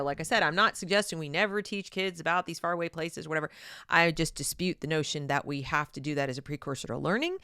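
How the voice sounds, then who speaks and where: A woman hosting an opinion commentary monologue, speaking in an animated, sarcastic way. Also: fairly low pitch, no echo, clean studio sound. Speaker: channel host.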